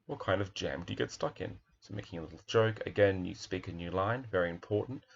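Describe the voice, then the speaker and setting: A man's voice: sits low, fast talker, gravelly, dull audio, a little hiss or hum. A male primary teacher talking through a children's picture book, reflective, with many fillers and restarts.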